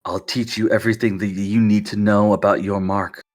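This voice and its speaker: A man voicing a secretive father who speaks low and hushed, giving dark warnings in a tabletop game. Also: level tone, normal speed, close to an everyday voice. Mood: ominous.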